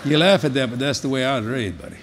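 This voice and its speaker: An older man, preaching a sermon in a folksy, animated storytelling way at a large convention. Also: mid-range voice, quick pace, heavy background noise.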